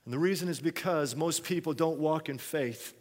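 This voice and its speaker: Male preacher, fairly high voice, lively storytelling that swings from hushed asides to loud calls, long hall reverb. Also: normal speed. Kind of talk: sermon.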